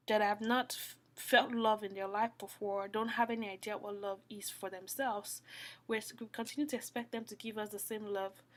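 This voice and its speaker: Earnest woman, soft pleading devotional talk. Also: medium pitch. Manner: earnest, repeats phrases, drops to soft whispers. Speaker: Christian speaker. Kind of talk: heartfelt spoken devotional talk.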